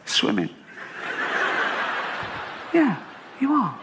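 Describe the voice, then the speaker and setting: An exasperated scold with a very high, squeaky voice, which a man puts on. It lurches wildly in pitch and has a gravelly edge. Clear background noise from the venue sits behind it. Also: wildly swooping pitch, extremely slow, exaggerated voice.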